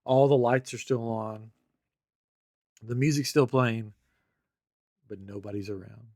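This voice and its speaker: A man on a podcast spinning a long story in a relaxed, chatty way. He slips in and out of the voices of the people he describes. His voice sits at an ordinary pitch, recorded close and dry with no room sound. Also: unhurried, no echo. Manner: animated storyteller acting out quoted voices. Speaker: podcast host. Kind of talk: casual storytelling chat.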